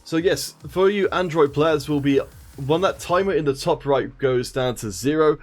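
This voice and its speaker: A man's voice: a little high, moderate pace, a little mellow. Joking male stream caster over faint music. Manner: joking, self-mocking, greets chat by name. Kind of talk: casual stream commentary.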